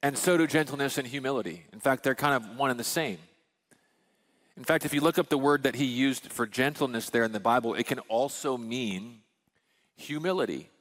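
A man's voice: medium pitch, brisk, fairly bright tone, long reverb tail. A man in his thirties, a pastor preaching a sermon in a candid, conversational way with folksy asides.

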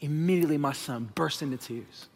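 A man's voice: a little high, brisk, vocal fry, darkish tone. A man in his thirties preaching a candid, conversational sermon to his congregation, speaking straight to them as "y'all" from a stage microphone in a church sanctuary. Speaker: pastor. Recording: long reverb of a large hall.

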